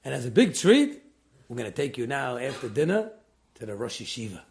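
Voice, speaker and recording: A man's voice: brisk, vocal fry. A man telling a story in a Torah class, acting out the characters big swings in voice. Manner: animated storyteller, acts out quotes with big pitch jumps. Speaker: rabbi.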